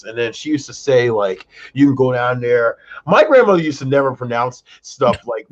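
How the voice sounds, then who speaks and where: An animated man co-hosting a casual podcast, telling stories and acting out quotes by jumping into a high voice. The recording sounds dull and lo-fi. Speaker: co-host.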